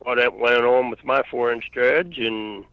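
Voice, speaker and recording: A man's voice: medium pitch, steady tone, measured pace, gravelly. A laid-back man chatting casually as a regular guest on a radio show, giving brief replies. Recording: dry, dull lo-fi line.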